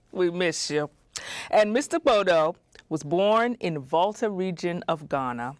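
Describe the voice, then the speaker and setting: A woman hosting a community TV show, reading a scripted introduction with excited asides off script. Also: lowish voice, unhurried, no room sound. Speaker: host.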